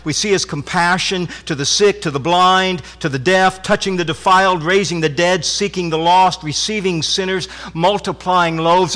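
A man preaching a sermon to a congregation, fervent, repeating phrases with stammered restarts and swinging from loud emphasis to hushed intensity. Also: sits high. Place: church with congregation. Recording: long hall reverb.

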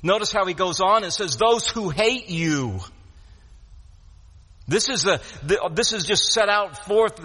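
High bright preaching man in a reverberant hall. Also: moderate pace, hardly any pauses, husky. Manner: earnest preaching with frequent restarts and repeated words. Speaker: pastor. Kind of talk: sermon.

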